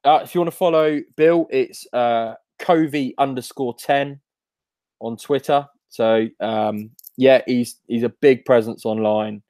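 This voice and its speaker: A man's voice: medium pitch, unhurried, a little mellow, dry recording. A man hosting a podcast, chatting casually with matey banter. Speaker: podcast host. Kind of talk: casual chat.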